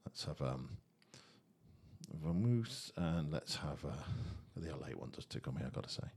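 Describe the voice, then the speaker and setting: Gravelly low-voiced man explaining. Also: animated, normal speed, a little mellow. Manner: chatty, thinks aloud, chuckles often. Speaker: tutorial host. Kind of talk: casual software tutorial.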